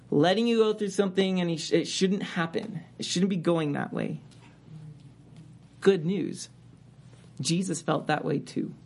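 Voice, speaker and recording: A preacher delivers an expository sermon in a relaxed, conversational tone. Key words get sudden emphatic lifts, and scripture is read slowly and with weight. The voice sits in an ordinary middle register. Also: medium pitch.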